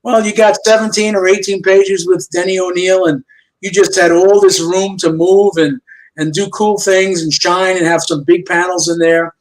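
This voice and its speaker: Over a low-quality remote video call, a high-voiced older man, a comic book artist, shares storytelling anecdotes as a chat show guest at normal speed. His narration is lively, and he acts out the quoted dialogue of the characters in his stories.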